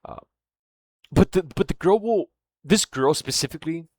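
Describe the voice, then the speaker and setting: A man's voice: a little high, expressive, normal speed, a little mellow, no echo, clean studio sound. A man telling a story in a casual, rambling monologue, swearing often and losing his thread, with fillers like "right?" and "man". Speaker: vlogger.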